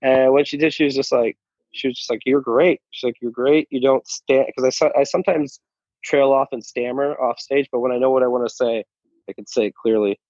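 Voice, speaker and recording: A male stand-up comic talks loosely about his life, stumbling through restarts and dropping curse words as he goes. His voice sits at an ordinary pitch. The sound is dry and slightly muffled, like a lo-fi recording. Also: steady tone, fast talker, darkish tone, dry recording. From Saudi Arabia then the U.S. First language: Arabic. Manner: stammering, restarts, swears freely, laughs often. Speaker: stand-up comedian, guest. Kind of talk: casual interview chat. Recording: dull, lo-fi sound.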